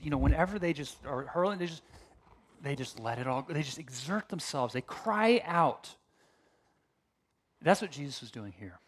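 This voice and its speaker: A male pastor preaching a sermon in a conversational, animated way, with asides and restarts. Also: medium pitch, breathy edge.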